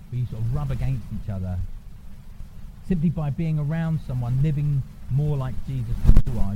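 A man's voice: medium pitch, dull audio. Man preaching over noisy audio. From England. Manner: informal, checks in with listeners. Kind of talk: conversational sermon. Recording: noisy church recording.

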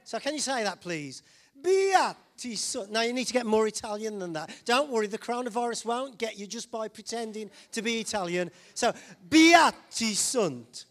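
A man's voice: high voice, a little fast, hardly any pauses. A man preaching a sermon to a congregation, playful and jokey, drawing the listeners in with questions.

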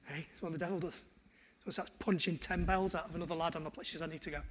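A man's voice: a little high, fast talker, few pauses, a little hiss or hum. A male pastor, preaching a sermon and telling stories with quoted dialogue. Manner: animated storytelling with quoted dialogue.

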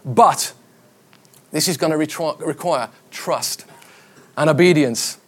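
A man's voice: a little high, slow, fairly bright tone. A middle-aged man, a pastor, preaching a conversational sermon, with stories and quoted voices.

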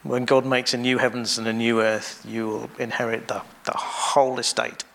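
A man preaching to his congregation with a gravelly, creaky edge to his voice. He speaks in a measured way, pausing often and going back over his phrases. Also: medium pitch, flat delivery, a bit bright. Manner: measured, with pauses and restarts. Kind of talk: sermon.

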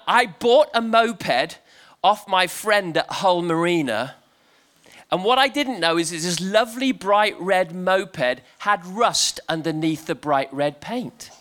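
Animated high-voiced preacher. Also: male voice. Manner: animated, playful, leads the audience in shouting. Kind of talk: lively storytelling sermon to a crowd.

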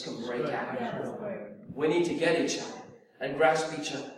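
A man preaching a sermon, telling stories with lively acted-out voices. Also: on the high side, quick pace. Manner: animated storytelling, acts out voices in anecdotes. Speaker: pastor. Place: church hall. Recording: echoey hall from far off.

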